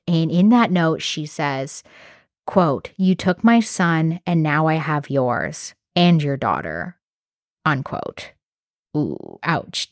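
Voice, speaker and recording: A woman hosts a true crime podcast and walks through the case in a loose, conversational way, reacting openly and swearing now and then. Her voice sits a little low. The recording is dry and close, with no room sound. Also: dry recording. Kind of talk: casual storytelling narration.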